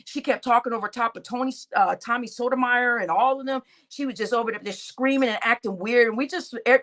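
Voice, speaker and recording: A woman with a slightly high voice rants to her viewers in a loose, profane way. She tells the story in an animated style and keeps speaking directly to the audience. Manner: talks straight to her audience as y'all. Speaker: channel host. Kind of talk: casual venting to viewers.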